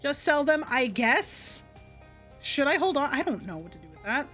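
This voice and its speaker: A woman's voice: sits high, big pitch swings, normal speed, fairly bright tone, soft background music. A woman streaming a game live, reading its text aloud and chatting casually, stumbling over words.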